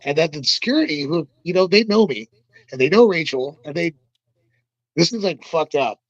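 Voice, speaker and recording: A man's voice: a little high, animated, normal speed, no echo, highs cut off. A man telling a story as a podcast guest, in a rambling, profane and emphatic way. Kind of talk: casual storytelling.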